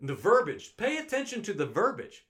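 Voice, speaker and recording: Pleading high-voiced male preacher. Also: wildly swooping pitch, normal speed, a bit bright. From United States. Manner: earnest, pleading, repeats phrases. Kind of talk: online sermon.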